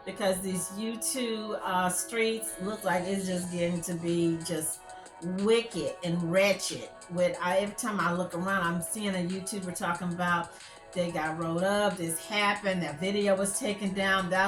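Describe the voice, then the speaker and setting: A woman's voice: medium pitch, fairly bright tone. Chatty woman vlogging in an echoey room. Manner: chatty, gossipy, rambling with many fillers. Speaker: YouTube channel host. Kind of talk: casual commentary vlog. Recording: echoey room with faint music.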